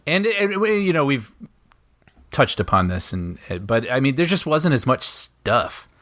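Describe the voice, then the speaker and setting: Animated man chatting movie commentary. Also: mid-range voice, unhurried, dry recording. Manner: animated, laughs often, trails off mid-sentence. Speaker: podcast co-host.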